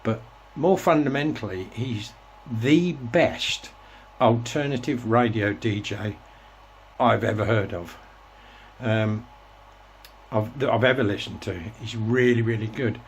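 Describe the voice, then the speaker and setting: A man's voice: medium pitch, measured pace, a little hiss or hum. A man in his sixties, hosting his own show and reminiscing in a casual, rambling monologue with frequent restarts. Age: 60s. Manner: rambling, reflective storytelling with restarts. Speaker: host.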